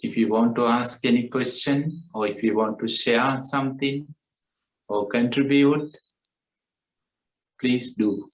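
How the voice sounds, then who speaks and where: Slow gentle man in a roomy echo. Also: medium pitch, distant mic. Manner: slow, gentle, halting speech with fillers. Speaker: meditation teacher. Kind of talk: retreat group talk over a call.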